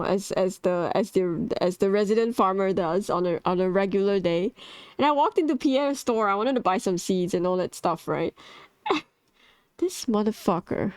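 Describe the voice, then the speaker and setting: A woman's voice: mid-range voice, clear, resonant tone, no echo. A woman casually telling a heated story about a farming game, swearing, laughing and restarting often. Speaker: gamer vlogger.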